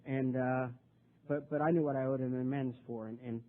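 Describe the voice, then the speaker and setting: A man's voice: mid-range voice, fairly even intonation, brisk. A man sharing his recovery story at a meeting, talking in an earnest, heartfelt storytelling way. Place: speaking at a recovery convention. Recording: tinny, phone-like old tape with faint hiss.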